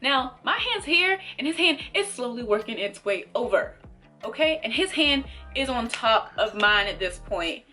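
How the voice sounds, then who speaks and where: Animated young woman telling a story. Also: fairly high pitch, moderate pace, faint music behind. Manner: animated, acts out quoted voices, laughs between lines. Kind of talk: casual storytime monologue. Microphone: camera mic.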